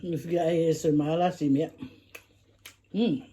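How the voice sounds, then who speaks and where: Mellow-voiced mum chatting over food. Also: female voice, low voice, fairly even intonation, moderate pace, slight background noise. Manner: chatty, talks while chewing, hums over food. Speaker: vlogger eating with her daughter. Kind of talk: casual mukbang chat.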